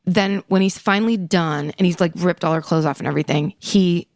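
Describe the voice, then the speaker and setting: A woman's voice: on the low side, fairly quick, creaky, no echo, clean studio sound. A woman co-hosting a podcast, retelling a story in casual chat with frequent swearing and acted-out quotes. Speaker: podcast co-host.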